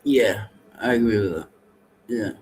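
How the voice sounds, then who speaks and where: A man's voice: on the low side, measured pace, rough recording. A man in a casual Bible discussion who asks questions and agrees readily, often hesitating mid-sentence. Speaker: discussion partner asking questions.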